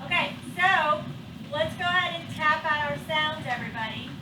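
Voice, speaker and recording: Slow high-voiced teacher in an echoey classroom. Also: female voice, distant mic, noisy background. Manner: patient, drawn-out sounding of words. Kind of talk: classroom phonics lesson.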